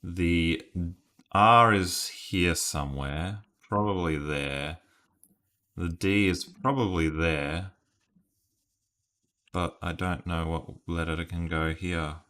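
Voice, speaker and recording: A man's voice: low-pitched, slow pace, long pauses, pushed and bright. A man streaming word games, chatting casually and thinking aloud while laughing at himself. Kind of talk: casual live-stream commentary.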